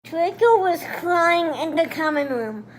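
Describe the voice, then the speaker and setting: A woman's voice: very high-pitched, lively intonation, a little slow, slight background noise. A young woman reading a fan story aloud for comedy, theatrical and giggly. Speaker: comedy reader. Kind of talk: dramatic reading with joking asides.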